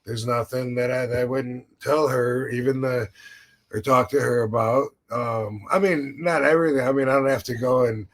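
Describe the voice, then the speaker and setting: A man's voice: mid-range voice, fairly even intonation, normal speed. Man, podcast host, casual chat, rambling, acts out quotes. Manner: rambling, restarts and acted-out quotes.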